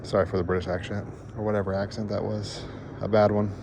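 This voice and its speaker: An easygoing man with a fairly low voice gives casual running commentary while fishing on a lake. His chatty, self-deprecating talk is recorded outdoors, with steady noise and passing vehicles behind him. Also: fast talker. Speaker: fishing vlogger.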